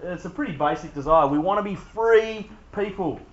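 A man preaches in a relaxed, conversational way, joking and putting questions to the people in front of him. His voice sits a little high for a man. The recording sounds dull and muffled. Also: normal speed, background noise. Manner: conversational, jokey, talks with the room. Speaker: youth pastor. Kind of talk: sermon.

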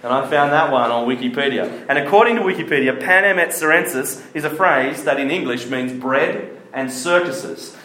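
A man's voice: medium pitch, moderate pace, few pauses, bright, forceful tone. A man giving a casual, jokey church talk and asking the room questions. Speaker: youth speaker. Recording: echoey hall.

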